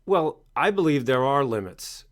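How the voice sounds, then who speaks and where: A man, a coach and speaker, answering in an interview with lively storytelling. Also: medium pitch, measured pace. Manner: animated storytelling, acts out quoted parents loudly.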